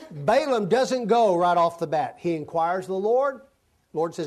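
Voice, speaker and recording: A man's voice: high-pitched, lively intonation, brisk. A male preacher giving an expository sermon, reading scripture aloud and breaking into folksy, conversational asides. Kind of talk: sermon, expository Bible teaching.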